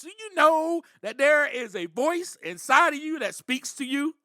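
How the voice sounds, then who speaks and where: A man's voice: very high-pitched, expressive, a little slow, hardly any pauses, bright, forceful tone, no room sound, studio quality. A man hosting a podcast, giving earnest, reflective spiritual recovery talk, with frequent "you know" and bursts of emphasis. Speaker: podcast host.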